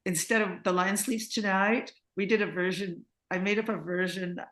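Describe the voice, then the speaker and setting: A woman's voice: medium pitch, fairly even intonation, normal speed, a bit bright. A woman interviewee telling rambling stories in casual chat, laughing often, over a video call. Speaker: interviewee, singer and composer.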